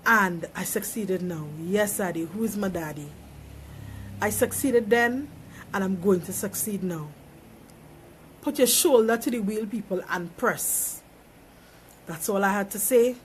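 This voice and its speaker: A woman's voice: mid-range voice, a little hiss or hum. A woman talking on a phone live stream, giving an emphatic, preachy motivational monologue and repeating phrases for effect. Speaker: small business owner.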